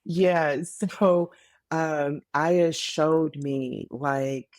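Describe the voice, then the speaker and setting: A woman in her late thirties, a podcast guest, telling her story in casual conversation, earnest and animated with frequent fillers. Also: deep voice, drawn-out words. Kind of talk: casual interview testimony.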